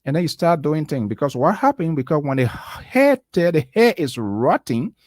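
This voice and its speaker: A man's voice: fairly high pitch, sing-song, normal speed, darkish tone, dry recording. A man, speaking as a guest on a radio talk show in an impassioned, preachy tone that drives points home by repeating them. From Liberia. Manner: preachy, emphatic, repeats key phrases. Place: radio studio.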